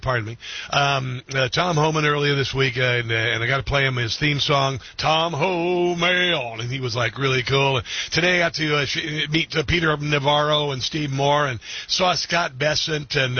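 A middle-aged man hosting a talk radio show, animated and mocking, often laughing. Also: mid-range voice, husky. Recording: dull lo-fi broadcast sound.

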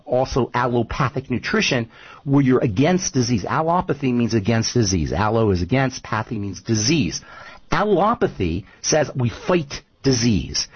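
A man's voice: medium pitch, breathy edge, lo-fi sound. A man speaking as a nutrition expert guest on a radio talk show, emphatic and repeating his points, often telling stories.

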